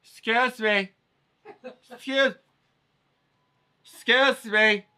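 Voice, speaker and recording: A man's voice: very high-pitched, fairly even intonation, very slow, pushed and bright, smooth, pitched above the performer's own voice, full character voice. A man voicing a pushy, territorial woman street vendor who insists and repeats herself. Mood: insistent. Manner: insistent, repetitive, nosy.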